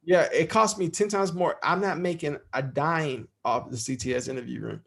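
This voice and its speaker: Male podcast guest, raspy edge, rambling storyteller. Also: fairly high pitch, moderate pace. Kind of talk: casual interview storytelling.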